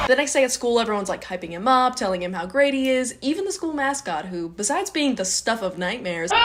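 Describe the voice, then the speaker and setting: A young woman giving a chatty, sarcastic movie recap full of filler words. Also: mid-range voice. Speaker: movie reviewer.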